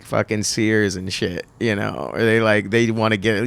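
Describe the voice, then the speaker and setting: Man, gravelly, casual podcast guest, swears a lot. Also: on the low side, normal speed, a bit bright, no echo. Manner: loose, swearing, laughs often. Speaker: guest comedian and actor.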